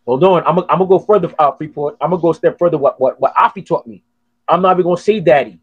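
Male podcast host, fairly high, husky voice, dry sound, swears a lot. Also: rapid-fire, dry recording, phone-quality sound. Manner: profane, animated storytelling. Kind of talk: casual chat.

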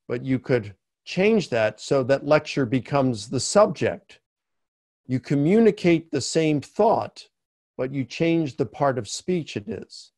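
A man delivers an academic webinar lecture at a very unhurried, measured pace. His voice sits at an ordinary middle pitch and lifts sharply on the words he wants to stress. The sound is close and dry, with no room around it. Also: darkish tone, no room sound. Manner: slow, deliberate explanation with emphatic rises on key words.

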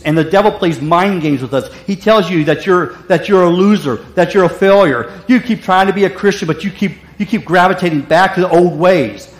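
A man's voice: sits high, a little fast, hardly any pauses, reverberant. A man preaching a sermon as pastor, emphatic and repetitive with frequent restarts.

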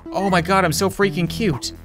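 High-voiced young guy doing lets play commentary, gets all excited, faint music underneath. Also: normal speed. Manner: excitable, talks to himself and the game, reads game text aloud. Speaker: gaming channel host.

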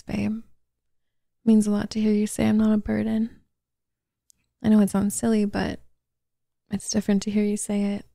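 A young woman voicing a sweet, shy, affectionate girlfriend in whispered role-play, speaking softly and tenderly into a close mic. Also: medium pitch, vocal fry, no room sound. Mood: apologetic, shy. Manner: soft, intimate and tender. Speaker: voice actor.

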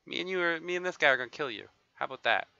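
Excitable man on a lo-fi stream. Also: a little high, racing, creaky, clean tone, dry recording. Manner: excitable, swears, taunts other players. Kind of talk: live gameplay commentary. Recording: dull lo-fi stream audio.

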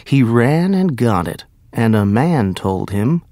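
Very slow, expressive male storyteller. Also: medium pitch, no room sound, clean studio sound. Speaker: storybook narrator. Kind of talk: slow scripted story reading for English learners.

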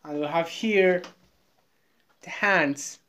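A Moroccan woman with a Moroccan accent, chatting over a video call in halting English that she repeats as she goes. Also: lowish voice, a bit bright. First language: Moroccan Arabic. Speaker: vlogger. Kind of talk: casual video call chat.

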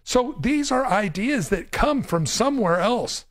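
A man's voice: very high voice, animated, measured pace, dry recording, studio quality. A man hosting a call-in Bible show as a pastor, speaking emphatically and repeating words to drive a point home. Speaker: pastor and radio show host. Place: radio studio.

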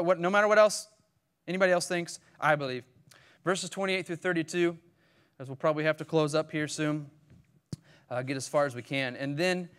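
A man delivering a relaxed, conversational sermon in a somewhat high voice. He moves between reading scripture aloud and talking it through, often checking in with the congregation with quick questions. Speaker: pastor.

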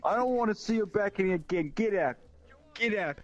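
A man's voice: high-pitched, normal speed, highs cut off, faint music behind, lightly acted. A man voicing a short-tempered bar owner who scolds and barks orders at patrons. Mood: angry. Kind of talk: improvised role-play in a social game.

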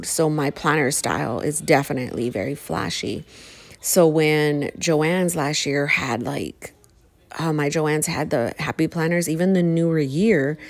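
A middle-aged woman, chatting casually to her viewers while planning, rambling and expressive. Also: low-pitched. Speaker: planner vlogger. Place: home.

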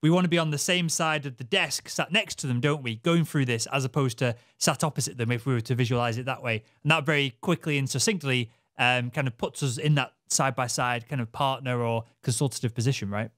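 A man's voice: mid-range voice, fairly quick, few pauses, a bit bright, no echo, studio quality. A man hosting a podcast interview, thinking aloud and restarting his sentences as he goes. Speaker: podcast host. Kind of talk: interview conversation.

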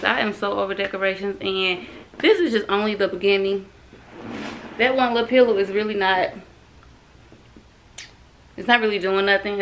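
A woman's voice: medium pitch, a bit bright, slight background noise, poor audio. A young woman, chatting casually in her vlog, often frustrated and over it. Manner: chatty, drawling Southern slang, frustrated sighs. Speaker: vlogger. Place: home and craft store.

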